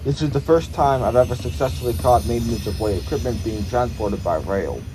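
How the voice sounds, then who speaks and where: A man giving calm, matter-of-fact voice-over narration for his own railfan vlog. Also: mid-range voice, a little fast. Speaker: railfan vlogger. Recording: noisy recording.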